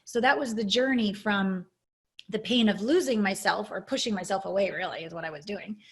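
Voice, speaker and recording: A woman's voice: mid-range voice, fairly quick. A woman guest coach speaking in an interview, telling her personal story in an earnest, reflective and openly emotional way over a video call.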